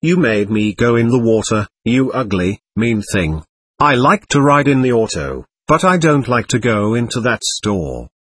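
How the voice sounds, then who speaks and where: A man's voice: medium pitch, sing-song, unhurried, fairly bright tone, breathy edge, heavily acted. A man voicing the petulant, defiant spirit of a young girl in an audiobook reading of a seance record. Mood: defiant, sulking. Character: angry spirit of a young girl, willful and stamping.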